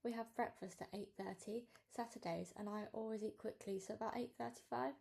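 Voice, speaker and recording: A woman reading a children's novel aloud, narrating in the first person with an expressive, cheeky tone. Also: on the high side, a little fast, creaky. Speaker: storybook reader.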